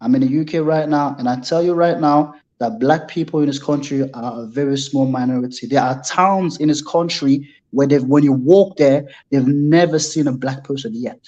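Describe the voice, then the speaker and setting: A man from Congo, a guest in a heated debate, who answers calmly and keeps pressing for evidence. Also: medium pitch, moderate pace, few pauses, muffled recording. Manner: calm, persistent, keeps asking for proof.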